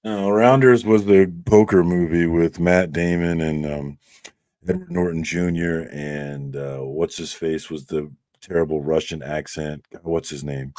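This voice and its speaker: A man chatting casually as co-host, dropping dry quips. His voice sits very deep. The recording is close and dry, with no room sound. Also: steady tone, measured pace, a little mellow, no echo. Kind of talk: casual chat.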